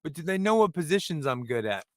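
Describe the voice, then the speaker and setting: A man's voice: a little high, sing-song, fast talker, no echo, clean studio sound. A middle-aged man doing a rambling, self-deprecating stand-up monologue as host, with many restarts. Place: room in front of a brick wall.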